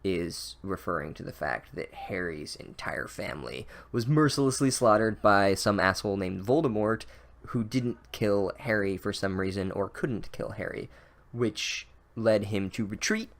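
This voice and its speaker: Low-voiced man, rambling sarcastic recap. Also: a little slow, vocal fry. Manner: sarcastic, profane, full of "like" and restarts. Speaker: comedic book recapper.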